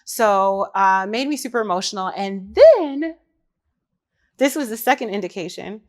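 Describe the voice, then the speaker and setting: A woman's voice: mid-range voice, brisk. Chatty woman in her thirties. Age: 30s. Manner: chatty, candid, addresses viewers directly. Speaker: vlogger. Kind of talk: casual chat to camera.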